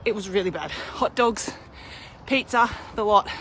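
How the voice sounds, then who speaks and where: A woman's voice: medium pitch, moderate pace, fairly bright tone, a little hiss or hum. A woman in her thirties, out of breath, chatting candidly in a live video while pushing a pram uphill outdoors. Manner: chatty, candid, self-deprecating. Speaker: vlogger. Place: outdoors on a hilly street.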